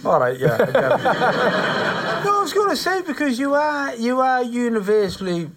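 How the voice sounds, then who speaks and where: A man's voice: very high voice, sing-song, normal speed, a bit bright. A male host in a casual chat, chatty, prompting his guest with questions and telling his own stories.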